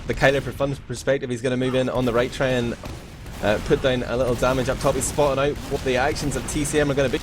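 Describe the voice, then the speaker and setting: A man with an Irish accent giving chatty live play-by-play commentary on a game, with frequent fillers and easy laughs. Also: mid-range voice. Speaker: esports caster. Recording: noisy background.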